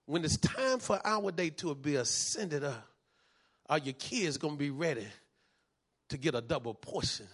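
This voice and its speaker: Fervent preacher man, bright husky voice. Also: a little high, moderate pace. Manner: preaching, building from calm teaching to shouted fervor. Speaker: pastor. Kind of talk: sermon.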